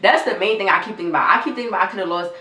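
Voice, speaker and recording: A woman's voice: mid-range voice, very fast, bright, forceful tone, echoey room. A young woman telling her story straight to viewers in a vlog, near tears, raw and repetitive, swearing often. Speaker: vlogger.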